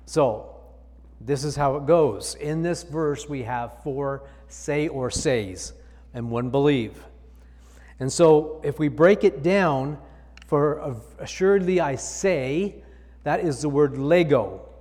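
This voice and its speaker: A man's voice: fairly high pitch, takes it slowly, darkish tone, long reverb tail. A male pastor preaching a sermon, reading scripture aloud and explaining it with emphatic repetition.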